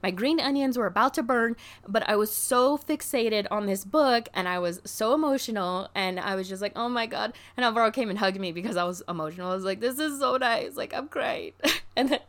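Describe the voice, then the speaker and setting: A woman vlogger telling a story in a casual, chatty way, full of "like" fillers and excited gushing. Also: medium pitch, a little fast. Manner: chatty, filler-heavy with constant "like".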